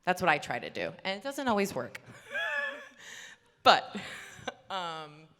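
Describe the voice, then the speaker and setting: Woman voice actor, bubbly panel chat, bright tone, echoey hall. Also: lowish voice, huge pitch swings, slow. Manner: bubbly, laughing, rambling anecdotes.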